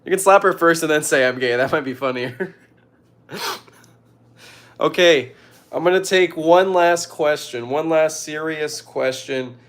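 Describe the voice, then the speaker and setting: A young man casually reading out viewer questions and giving joking, deadpan advice. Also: on the high side, measured pace, pauses often. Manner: reads questions aloud, jokey deadpan answers. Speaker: streamer answering viewer questions.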